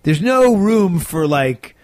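A man in his forties, an actor being interviewed, talking in a chatty, animated way and sounding tired. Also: high-pitched, slow, no room sound. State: tired, yawning. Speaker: actor and sitcom co-creator. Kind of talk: casual interview talk.

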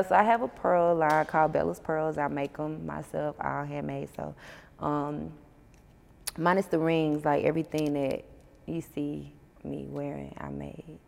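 Woman, low raspy register, frank and profane, interview guest, reverberant space. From Georgia, USA. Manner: blunt, profane, animated storytelling. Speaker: musician guest. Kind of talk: casual interview chat. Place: on a porch outdoors.

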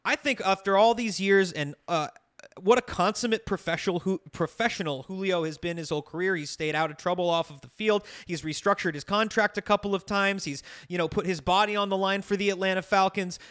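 Man, quick talker, bright clear voice, chatty sports podcast co-host. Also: sits high. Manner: chatty, laughs often, trails off with filler. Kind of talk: casual sports betting podcast chat.

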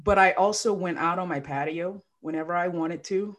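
A woman's voice: on the low side, moderate pace. A woman life coach, a podcast guest, telling her story with feeling and acting out what people said. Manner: emotional, animated storyteller who acts out quotes. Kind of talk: casual podcast interview.

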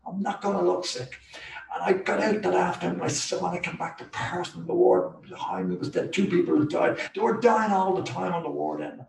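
A man's voice: high voice, fairly even intonation, brisk, creaky, few pauses, echoey room, distant mic, rough recording. An older Irish man giving an interview, telling his story in an earnest, emotional way and repeating phrases for emphasis. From Ireland. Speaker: guest.

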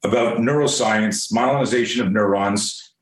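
A man's voice: on the low side, normal speed. A man telling a story from his youth in a casual interview, swearing freely and acting out what people said. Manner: profane, animated storyteller acting out quotes. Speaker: guest. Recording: roomy echo.

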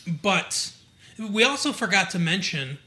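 A man's voice: sits high, very animated, measured pace, pushed and bright. A man from Michigan co-hosting a podcast, recapping a TV episode in a rambling, casual way full of fillers and asides. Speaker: podcast co-host.

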